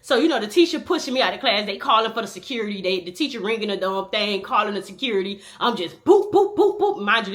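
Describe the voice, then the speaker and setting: A woman in her thirties telling a true-life storytime in a casual, animated, profane way, talking straight to the viewer. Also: mid-range voice.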